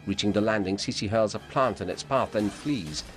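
A man reading calm, measured audio description over a film. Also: lowish voice. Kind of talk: scripted narration.

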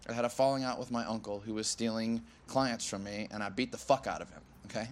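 An actor playing a lost young man who has lost his job, talking in a halting, hesitant way, outdoors by a lake. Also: lowish voice, close to an everyday voice. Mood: upset. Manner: halting, hesitant, full of restarts. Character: lost young man, jobless, wry and tearful. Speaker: film character. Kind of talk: naturalistic film acting.

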